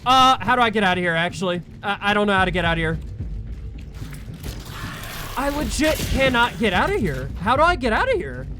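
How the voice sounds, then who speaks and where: A man's voice: high voice, sing-song, brisk, pauses often. A man commenting as he plays a horror game, jumpy, swearing and yelping at the scares. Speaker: let's play gamer. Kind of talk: live gameplay commentary. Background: loud game soundtrack.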